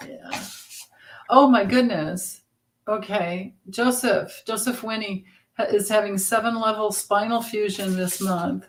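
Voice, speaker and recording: A woman's voice: medium pitch, unhurried. A woman with a Southern accent co-hosting a tarot livestream, chatting casually, reading viewer comments and laughing often.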